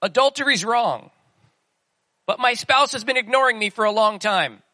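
A man's voice: extremely high pitch, lively intonation, normal speed, sharp tone, no room sound. A man preaching a sermon in a conversational way, asking the listeners questions as he goes. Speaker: pastor.

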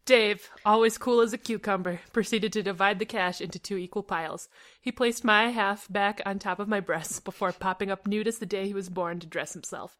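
A woman's voice: mid-range voice, fairly even intonation, brisk, a bit bright. A woman co-hosting a comedy podcast, reading a story aloud in a dry tone and cracking up at the text. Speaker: podcast co-host reading fan fiction.

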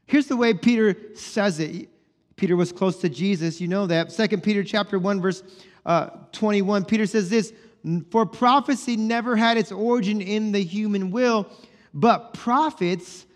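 A man preaching a sermon, animated and playful, explaining words and acting out little scenes. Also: high voice, big-room sound. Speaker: pastor.

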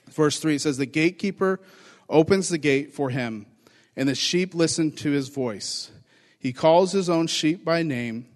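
A middle-aged man as pastor, preaching a conversational sermon and acting out quotes in lively voices. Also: on the high side, big-room sound.

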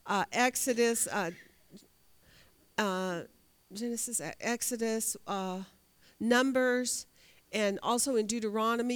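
A woman's voice: fairly high pitch, a bit bright. A woman teaching a Bible study class, asking her students questions and reading scripture aloud.

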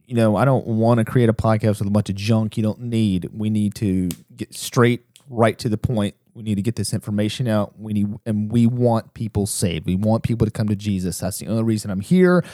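Male podcast host, low-mid warm voice, urgent rapid delivery, dry close sound. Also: no room sound. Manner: fast, urgent, self-interrupting. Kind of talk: religious podcast commentary.

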